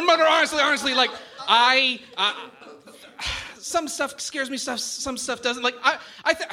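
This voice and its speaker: A man's voice: very high-pitched, sharp tone. A male stand-up comedian doing giggly, self-interrupting crowd work on a club stage. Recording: noisy live club recording. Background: audience laughter.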